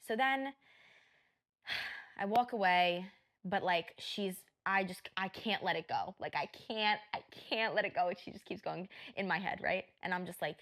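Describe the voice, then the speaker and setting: Woman retelling a story, animated and profane. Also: medium pitch, moderate pace. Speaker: podcast co-host. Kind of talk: casual chat, storytelling.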